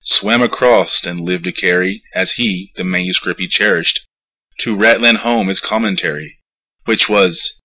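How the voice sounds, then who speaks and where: A man reciting a narrative poem with a rhythmic, lively storytelling delivery. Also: deep voice, measured pace, slightly rough, low-quality recording. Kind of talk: poetry recitation.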